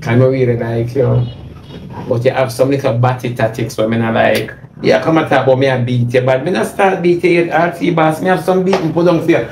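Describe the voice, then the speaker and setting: A man's voice: medium pitch, steady tone, brisk, vocal fry. A man with a Jamaican accent delivers a mocking, repetitive, confrontational rant on a livestream into a phone. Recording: echoey room, faint noise.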